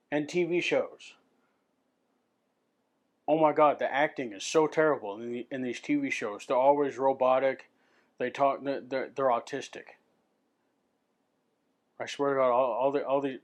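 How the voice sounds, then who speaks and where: A man rants straight into his camera mic in a loose, unscripted vlog. His voice sits at an ordinary middle pitch. He swears a lot and keeps tripping over his words as he restarts his sentences. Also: normal speed, long pauses. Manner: profane, restless, repeats and restarts words. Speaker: vlogger.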